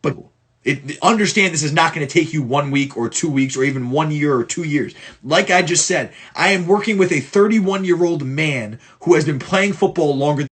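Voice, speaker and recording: A man's voice: fairly high pitch, moderate pace, fairly bright tone, husky. A man coaching football players through film, blunt and profane, stumbling and repeating words for emphasis. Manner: blunt and profane, many restarts. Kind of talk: casual film breakdown for clients.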